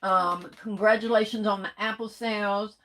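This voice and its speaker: This middle-aged woman speaks with a medium pitch and a steady tone at a moderate pace. Hosting a casual livestream, she reads out comments and warmly greets viewers with "hey, baby," all while holding back coughs and sneezes.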